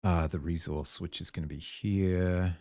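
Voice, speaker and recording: A man's voice: low-pitched, fairly even intonation, unhurried, darkish tone, no room sound, clean studio sound. A man in his forties with a New Zealand accent, musing aloud as he codes on a live stream and chats with viewers. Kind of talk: casual thinking-aloud coding stream.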